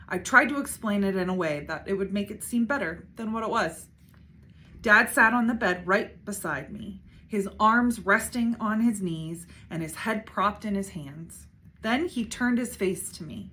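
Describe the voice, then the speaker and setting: A woman, a school principal, reading a children's book aloud with expressive narration. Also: medium pitch, moderate pace. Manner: expressive, shifting voices for characters.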